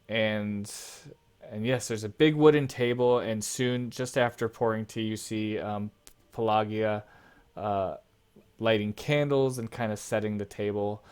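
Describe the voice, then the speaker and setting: A man's voice: lowish voice, a little mellow, smooth. A man narrating a tabletop game as game master, casual with frequent fillers.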